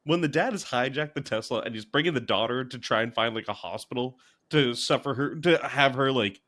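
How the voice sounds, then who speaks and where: A man's voice: medium pitch, brisk, fairly bright tone. A man co-hosting a casual movie-review podcast, mocking a film in a rambling, sarcastic way with lots of fillers. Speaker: podcast co-host.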